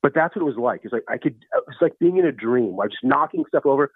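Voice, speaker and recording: A man's voice: medium pitch, expressive, fast talker, slightly rough, no echo. A man in his fifties, a guest telling stories casually in a rambling way with many restarts. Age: 50s. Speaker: guest storyteller. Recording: tinny phone-like line.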